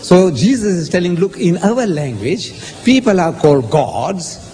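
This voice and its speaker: A man lecturing on Bible verses, animated, quoting passages and posing rhetorical questions. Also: sits high, unhurried. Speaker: lecturer on scripture. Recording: hall reverb with faint ambience.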